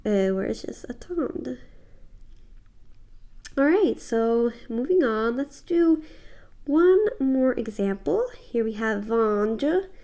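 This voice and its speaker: Young woman teacher, casual lesson, slow careful delivery, fairly high voice. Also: expressive, dark tone. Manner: slow, careful, repeats words for practice. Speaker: French teacher.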